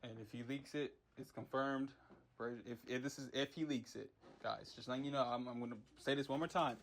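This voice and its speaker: This young man creates MUGEN game characters and rants in a casual vlog, with a steady, medium-pitched voice at a fairly quick clip. There's a little hiss or hum, and his frustrated rambling is packed with slang and repeated words.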